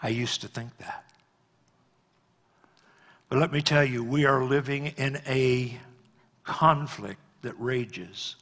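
A male pastor preaching a sermon, swinging between loud emphatic climbs and quiet, low endings. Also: slow pace, long pauses. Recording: long reverb of a large hall.

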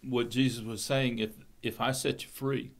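Halting man explaining scripture. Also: mid-range voice, flat delivery. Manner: halting, repeats words as he starts phrases. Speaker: Bible class teacher. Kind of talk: Bible study explanation with scripture reading.

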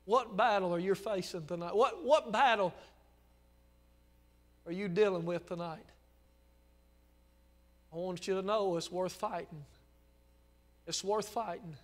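A Southern US man preaches a sermon with a high, bright, forceful voice. He tells homespun stories in a folksy way and works up to fervent shouting. His voice rings out with the long reverb of a church hall. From Mississippi. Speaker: pastor. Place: church sanctuary.

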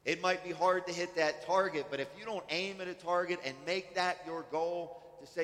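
Earnest high-voiced male pastor preaching. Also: steady tone, moderate pace, few pauses, a bit bright. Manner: earnest, repetitive restarts, conversational preaching. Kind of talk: sermon. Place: church. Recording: reverberant church hall.

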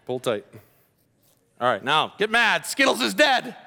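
A man preaching a sermon as a pastor, telling the story in an animated, joking way and talking directly to the congregation. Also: high-pitched, unhurried, vocal fry, a little hiss or hum.

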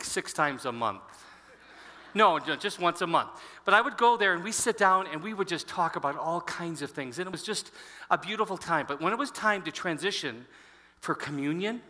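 Bright-voiced pastor in a big hall. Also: male voice, a little high. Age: 50s. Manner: storytelling, animated, addresses the congregation. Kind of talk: sermon. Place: large church hall. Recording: long hall reverb.

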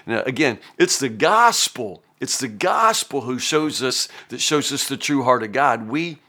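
A man's voice: mid-range voice, expressive, a little slow, sharp tone. A middle-aged man hosting a Bible reading podcast, giving casual spoken commentary while thinking aloud, with frequent restarts and "you know".

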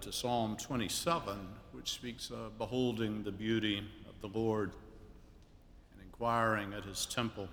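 A male pastor reading scripture and giving a funeral sermon in a measured way, his sentence endings often dropping soft. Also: mid-range voice. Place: church sanctuary. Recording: long reverb of a church hall, faint noise.

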